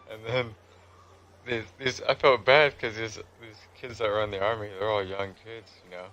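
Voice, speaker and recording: A man's voice: lowish voice, steady tone, normal speed, pushed and bright, highs cut off, slight background noise. A man telling a meandering, conversational story in a casual way while he plays a game. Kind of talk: casual storytelling over gameplay.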